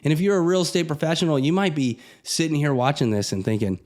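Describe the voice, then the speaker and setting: A man's voice: on the high side, expressive, quick pace, few pauses, a little mellow. Blunt middle-aged man. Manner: blunt, conversational, pep-talk. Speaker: real estate broker. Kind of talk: motivational vlog talk.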